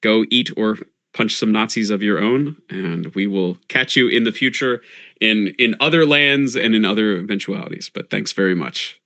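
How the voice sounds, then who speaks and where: A man's voice: on the low side, normal speed, pushed and bright. A man narrating a live tabletop game as game master, describing scenes like camera shots, with frequent fillers and restarts.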